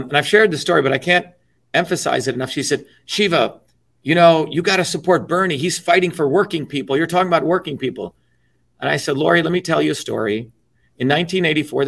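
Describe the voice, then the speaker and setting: A middle-aged man talking politics in an interview, emphatic and blunt, swearing freely and filling pauses with "you know". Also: on the high side, vocal fry, fairly bright tone. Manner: emphatic, blunt and profane, with many you-knows. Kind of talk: impassioned political talk.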